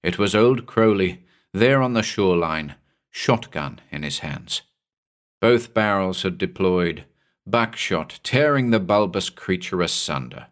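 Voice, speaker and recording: A man narrating a horror story in a measured, dramatic way. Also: low-pitched, lively intonation. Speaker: narrator and host.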